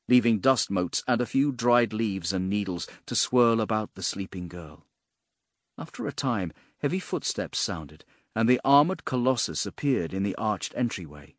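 Husky man reading a fantasy audiobook, lowish voice, lots of swing, dry close mic. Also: expressive, moderate pace, no echo. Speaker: narrator.

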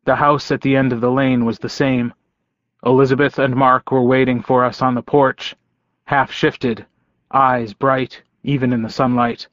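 Male audiobook narrator, even and plain, dry muffled recording. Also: mid-range voice, moderate pace, no echo. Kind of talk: first-person fiction narration. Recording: dry, dull close-mic recording.

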